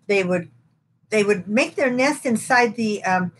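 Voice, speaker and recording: A woman's voice: mid-range voice, animated, measured pace, a little hiss or hum. A middle-aged woman co-hosting a live podcast, chatting casually and telling stories with little repeats. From western United States. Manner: chatty storyteller, repeats words while telling anecdotes. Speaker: podcast co-host. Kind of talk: casual chat.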